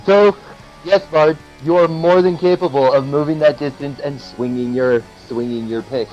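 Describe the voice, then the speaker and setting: A man narrating as game master of a tabletop game, animated and cursing freely. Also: a little high, normal speed, dull audio, soft background music. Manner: animated, swearing, laughing.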